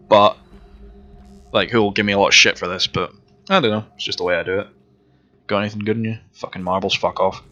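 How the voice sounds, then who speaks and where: A man talks through his gameplay in a casual, rambling way, swearing freely and poking fun at himself. His voice sits low but has a bright, forceful edge. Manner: rambling, profane and self-mocking. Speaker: let's play commentator.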